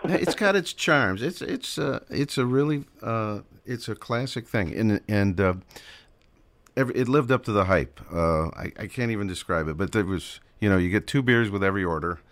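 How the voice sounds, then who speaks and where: Deep-voiced man chatting on dry radio. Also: lively intonation, normal speed, fairly bright tone, dry recording. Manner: chuckling, hesitant with repeated words. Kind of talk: casual radio chat.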